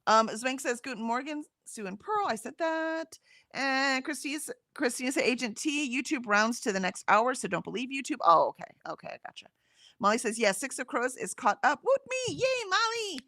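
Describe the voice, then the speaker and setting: A woman's voice: high-pitched, big pitch swings, normal speed, pushed and bright, no echo, clean studio sound. A woman co-hosting a casual livestream, reading chat comments aloud and chatting, often laughing and trailing off mid-sentence.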